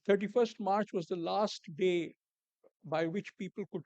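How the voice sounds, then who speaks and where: A man giving a formal conference keynote in a measured, deliberate way, repeating key words for emphasis and dropping the odd dry aside. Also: high-pitched, fairly even intonation, darkish tone, no room sound. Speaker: keynote speaker. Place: conference hall.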